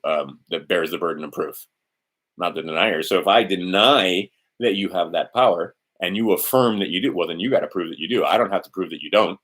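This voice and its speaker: A man with a deep, low voice hosts a livestream in a loose, meandering way. He talks bluntly, swears now and then, and mutters to himself while searching through a document. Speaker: livestream host. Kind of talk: rambling casual livestream monologue.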